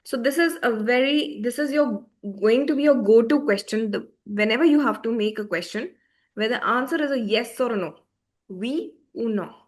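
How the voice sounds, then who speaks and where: Woman teaching a beginner french class on a video call, patient, keeps checking everyone gets it, slightly high voice. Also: normal speed. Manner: patient, checks often for understanding.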